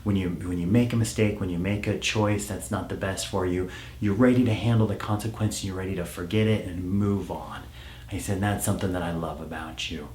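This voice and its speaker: A middle-aged man, a parenting coach, telling a family story in a calm storytelling manner and dropping to a hush when he quotes himself. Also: low-pitched, fairly quick, reverberant. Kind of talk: storytelling advice talk.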